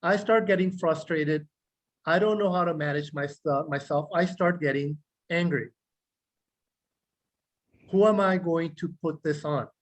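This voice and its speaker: A man, a clinical psychologist, explaining self-regulation to a group in a measured way, listing words slowly and asking questions. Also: on the high side, rough recording. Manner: measured, repeats key words in slow lists; speaks directly to listeners, asks rhetorical questions. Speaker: clinical psychologist teaching a meditation class.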